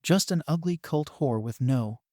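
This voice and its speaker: A man's voice: fairly high pitch, animated, moderate pace, warm tone, dry recording, studio quality, natural voice. A man reading a sneering, vicious mother. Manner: sneering, crude, bullying. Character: vicious vain mother, middle-aged woman.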